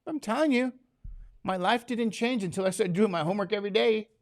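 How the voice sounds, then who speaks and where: A man with a high-pitched voice teaches a class at a fairly quick clip. Drowsy from medication, he still jokes around and keeps firing questions at his students throughout the lecture.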